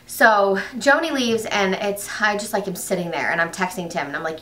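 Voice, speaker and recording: A pregnant woman vlogging in a casual storytelling way, talking fast and rambling, full of fillers and restarts. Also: mid-range voice, a bit bright, roomy sound, far from the mic.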